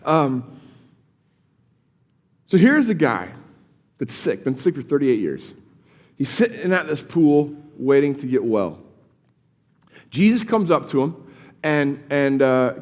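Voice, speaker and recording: A man's voice: on the high side, in a large hall. A male pastor giving a casual, conversational sermon in a church, often repeating words as he starts sentences. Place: church sanctuary.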